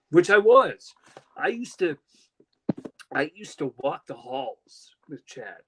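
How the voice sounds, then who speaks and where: A man's voice: a little high, sing-song, slow pace, long pauses, a bit bright, a little hiss or hum, low-quality recording. Young male podcast host, casual and emotional storyteller, rambling delivery. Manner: emotional, rambling with many fillers and restarts.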